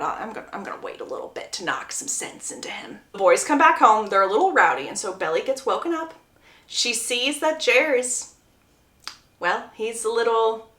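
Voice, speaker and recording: A woman's voice: medium pitch, bright, forceful tone, roomy sound. A woman casually retelling a book's plot, chatty and acting out the quotes. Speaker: book summary creator.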